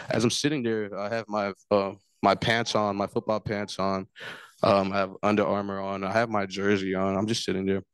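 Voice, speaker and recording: Man, from Africa, low voice, earnest personal testimony, repeating himself as he recalls, dry close sound. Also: no room sound. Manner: earnest, repetitive storytelling. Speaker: forum speaker.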